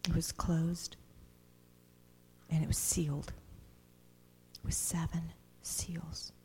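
A woman preaching a sermon in a church, reading scripture dramatically and swinging between loud cries and hushed, whispered passages. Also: low voice, flat delivery, takes it slowly.

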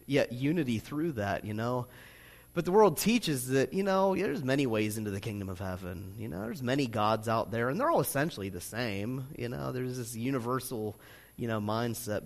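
A man preaching a sermon as pastor, talking in a loose, conversational way with lots of fillers, then pushing into loud, emphatic stretches. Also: mid-range voice. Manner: conversational preaching full of "you know" fillers, rising to loud emphatic bursts. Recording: long hall reverb.

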